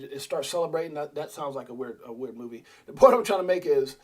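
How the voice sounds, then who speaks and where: A man hosting a crypto livestream, talking casually and rambling with animated asides. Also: a little high, slightly rough. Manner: rambling, animated, quick asides and mock voices.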